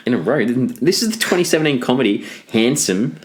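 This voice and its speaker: Cheerful podcast host. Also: male voice, mid-range voice, expressive, a little fast. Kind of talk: casual chat, introducing the show.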